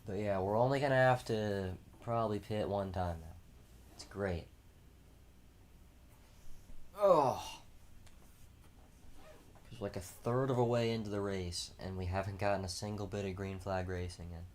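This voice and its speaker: A man's voice: fairly low pitch, steady tone, a little fast, darkish tone. A man streaming a racing game, chatting casually with mild swearing. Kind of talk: casual gameplay commentary.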